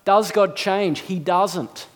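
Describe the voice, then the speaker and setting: High-voiced man preaching in a hall. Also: takes it slowly. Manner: earnest, emphatic, rhetorical questions. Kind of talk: sermon. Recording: long reverb of a hall.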